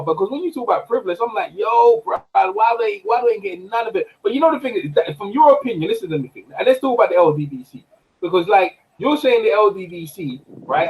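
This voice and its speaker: A man's voice: sits high, poor audio. A man on a boxing talk panel, joking and talking in a lighthearted casual debate. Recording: faint background noise.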